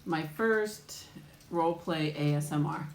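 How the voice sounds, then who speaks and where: A woman's voice: low-pitched, a little slow, echoey room, a little hiss or hum. A woman hosting a casual mukbang live chat, greeting viewers by name with ums and little laughs. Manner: chatty, warm greetings, frequent laughs and ums. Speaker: mukbang livestream host.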